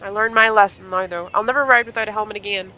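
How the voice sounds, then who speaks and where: A woman's voice: medium pitch, quick pace, voice pushed up, close to an everyday voice, poor audio. Woman reading out a chatty injured rider girl. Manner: reading game dialogue aloud in a lively, upbeat voice. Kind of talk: reading game dialogue aloud.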